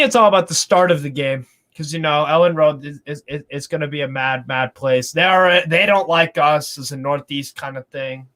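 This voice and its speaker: A man talking casually about football as a fan on a panel, animated and repeating words as he goes. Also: a little high.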